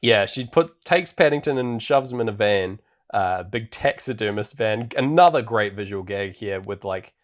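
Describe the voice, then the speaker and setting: A man's voice: on the low side, lively intonation, normal speed, hardly any pauses. A man co-hosting a podcast, casually recapping a film with lots of ums and little laughs. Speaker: podcast co-host. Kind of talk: casual chat.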